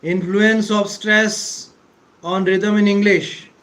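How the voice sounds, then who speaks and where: A man giving a deliberate English pronunciation lesson, repeating key words for emphasis and clearing his throat often. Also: high voice, little pitch movement, fairly bright tone, poor audio. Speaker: English teacher. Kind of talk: slow explanatory lecture.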